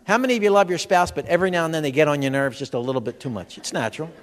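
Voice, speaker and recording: His voice is fairly high and his delivery rapid-fire as he plays a comedic health seminar like stand-up, throwing jokey questions at a crowd in a large expo hall. Long reverb from the live venue fills the recording.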